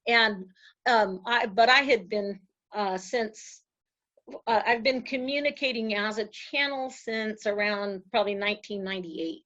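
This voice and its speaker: A woman guest telling her story in a chatty interview, often halting and restarting as she speaks. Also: mid-range voice, fairly bright tone, muffled recording. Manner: halting, with many restarts and fillers. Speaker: guest, spiritual channel.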